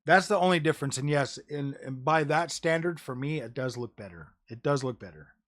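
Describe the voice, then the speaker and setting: Male gaming streamer, somewhat high voice, rambling casual chat, slangy, swears. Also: lively intonation, a little fast, a bit bright. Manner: rambling, says "dude" and "bro" often, swears casually; jokey, drops into mocking voices.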